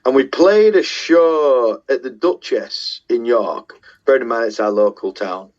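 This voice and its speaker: A middle-aged man with a Yorkshire accent, appearing as a guest musician, tells casual, self-deprecating stories with the odd swear word. His mid-range voice is unhurried and a little mellow, and the recording is muffled.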